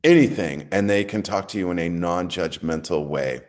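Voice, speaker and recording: A man's voice: low-pitched, moderate pace. A middle-aged man, a podcast guest, talking earnestly and reflectively about what he has learned. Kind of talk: casual interview talk.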